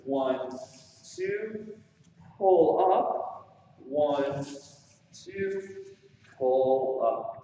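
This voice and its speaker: A man teaching waltz exercises, counting beats aloud as he dances and encouraging the viewers. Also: fairly high pitch. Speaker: dance instructor. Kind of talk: follow-along dance drill instruction. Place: studio with large windows. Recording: echoey room, far from the mic, dull sound.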